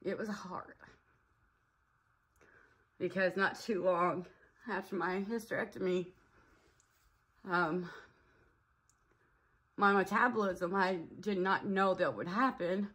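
A woman talking to her own camera at home in a personal vlog, nervous and tearful, halting with fillers and a shaky voice. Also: on the low side, steady tone, fairly bright tone, husky. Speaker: vlogger. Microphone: camera mic.

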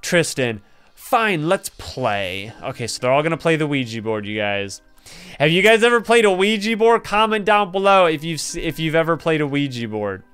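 A young man who runs a gaming channel reads in-game story dialogue aloud and reacts excitedly, laughing and gasping often. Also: fairly high pitch, normal speed, clean tone. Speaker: gaming YouTuber. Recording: faint background music.

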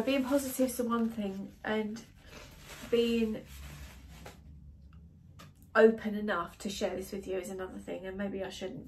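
Emotional British woman vlogger, mid-pitched, halting and hesitant, openly sad. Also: a little mellow, a little hiss or hum. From Britain. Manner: hesitant, halting, many restarts and fillers. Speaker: wellbeing vlogger. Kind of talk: casual emotional vlog to camera.

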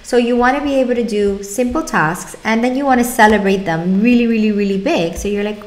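A young adult woman, a speech-language pathologist, talking parents through exercises in an upbeat way and stretching out words slowly to demonstrate. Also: on the high side, darkish tone. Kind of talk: instructional talk to parents.

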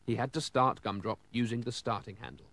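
A man reading a children's storybook aloud with lively, expressive storytelling. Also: mid-range voice, brisk, no echo.

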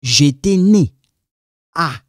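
A man's voice: a little high, expressive, extremely slow, dry recording, clean studio sound. A man teaching French, patiently repeating phrases for learners as he goes through a quiz. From Congo. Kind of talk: quiz walkthrough lesson.

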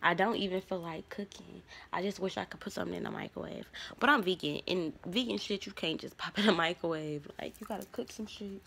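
A young adult woman vlogging a casual storytime, rambling, candid and profane, drifting between soft murmurs and louder bursts. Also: on the low side, fast, vocal fry, few pauses, a little hiss or hum.

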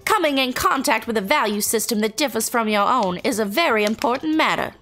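A proper foreign princess from a video game with a put-on American Southern accent, voiced by a woman reading the dialogue aloud. She speaks formally and precisely with a lively, rising voice. Faint music plays underneath. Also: a little high, fairly quick. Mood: enthused.

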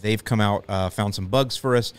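A man's voice: on the low side, moderate pace, clean tone. A man hosting a podcast, talking casually and playfully, laughing often and rambling. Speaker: podcast host. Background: faint music.

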